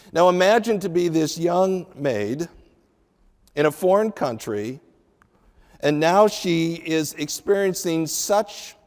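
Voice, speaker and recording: A man preaching slowly and deliberately, with a fairly high voice. He teaches from the Bible and acts out the dialogue of the people in the story with feeling. A long reverb of a large hall trails after his words. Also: a little mellow. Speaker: pastor. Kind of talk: sermon.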